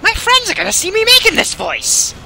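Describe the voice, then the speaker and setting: A man voicing a boastful male dragon in a screeching falsetto during gaming commentary. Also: wildly swooping pitch, a little fast, creaky, bright, forceful tone, a little hiss or hum, exaggerated voice. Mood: shrieking.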